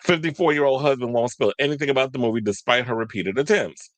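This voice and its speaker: A man's voice: mid-range voice, quick pace, no room sound. A man hosting casual entertainment news commentary, rambling in slangy talk, reading stories aloud and chatting with viewers. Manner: rambling, slangy, loses his train of thought; talks to viewers and live chat.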